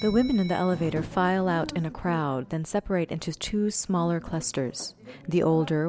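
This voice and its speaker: A woman in her twenties reading a first-person memoir in a measured, reflective way. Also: deep voice, a little mellow, no room sound, clean studio sound. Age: 20s. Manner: measured, reflective, slow pauses. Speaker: narrator.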